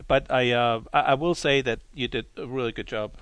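A man's voice: mid-range voice, brisk, a bit bright, clear, resonant tone, dry recording. Guy teasing his buddy, amused, dry close mic. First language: German. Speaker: co-host. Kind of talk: casual chat.

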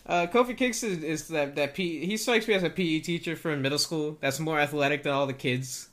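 A male podcast co-host talks in a slightly higher voice, stumbling over his words and laughing as he riffs. His delivery is loose and playful. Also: brisk, a bit bright. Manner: stammering, laughing, filler-heavy. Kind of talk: casual comedic chat.

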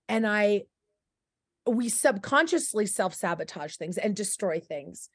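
A woman's voice: medium pitch, lively intonation, measured pace, no echo, studio quality. A woman co-hosting a podcast, talking in a rambling, candid way and acting out the voices in her head. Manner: rambling, acts out her inner voice. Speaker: podcast co-host. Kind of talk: casual conversation.

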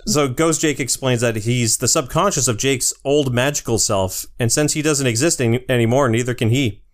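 A woman co-hosting a podcast, recapping a cartoon episode in casual chat, giggly and animated as she tells the story. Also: extremely low pitch, moderate pace.

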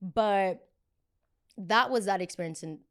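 A young woman hosting a podcast, telling a story in chatty, animated fashion, full of "like" fillers and acted-out quotes. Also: takes it slowly. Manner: animated, acts out quoted people with big jumps in pitch and loudness; chatty, heavy use of filler "like". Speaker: podcast host. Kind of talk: casual storytelling.

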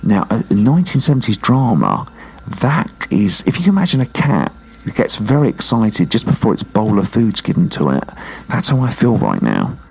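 A man reviewing films in a casual podcast chat, rambling and jokey, his voice going hoarse. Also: on the low side, huge pitch swings, moderate pace, darkish tone. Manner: rambling and jokey, talking like a pirate cockney. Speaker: film reviewer.

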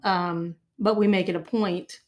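A woman's voice: fairly low pitch, fairly even intonation, a little slow. An older woman from Ohio, a podcast guest talking in an earnest, reflective way. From Ohio, USA. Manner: earnest, reflective, restarts phrases. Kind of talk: casual conversation.

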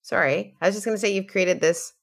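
A woman's voice: medium pitch, fast, vocal fry. A woman hosting a podcast in casual chat, chatty and giggly, full of fillers and quoted asides. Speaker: podcast host.

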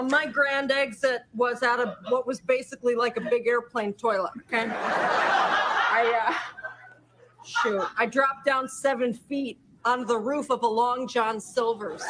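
An actress playing a crude, unbothered woman describing an alien abduction in a flat, folksy way. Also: on the high side, heavy background noise, close to an everyday voice. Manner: deadpan storytelling with folksy slang. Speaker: alien abductee being questioned. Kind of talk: sketch comedy acting.

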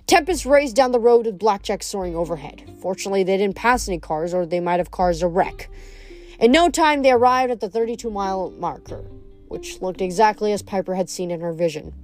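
A woman reading a novel aloud in an expressive storytelling manner. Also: mid-range voice, a little fast, soft background music. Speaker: reader.

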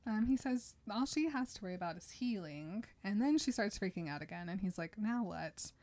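A woman co-hosting a casual chat, recapping a book chapter. She tells the story in a chatty, giggly way at a moderate, everyday pitch. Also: expressive, fairly quick, darkish tone.

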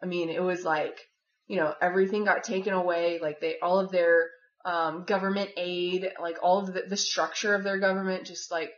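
A woman's voice: on the low side, steady tone, moderate pace. A woman telling a personal story in a casual, rambling way, filling her speech with "like" and "you know". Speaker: former volunteer living with a host family. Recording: dull, echoey room recording.

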